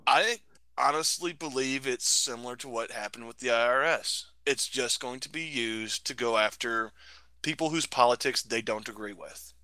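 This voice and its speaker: A man's voice: mid-range voice, moderate pace, sharp tone, no echo. A man co-hosting a podcast, trading wry sarcastic quips in casual banter. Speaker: podcast co-host.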